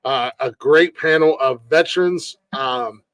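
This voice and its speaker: A man hosts a casual comedy news podcast, relaxed and joking, with plenty of fillers. His voice sits a little high for a man and sounds dry and close, with no room around it. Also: a little slow, no echo, rough recording. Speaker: podcast host.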